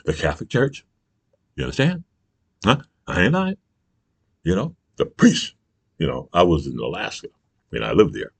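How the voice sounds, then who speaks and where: Older male host: very low, husky, gravelly, animated delivery, heated profane monologue. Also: moderate pace, long pauses, no room sound. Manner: heated, profane, keeps asking "you understand?". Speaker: show host. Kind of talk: ranting political monologue.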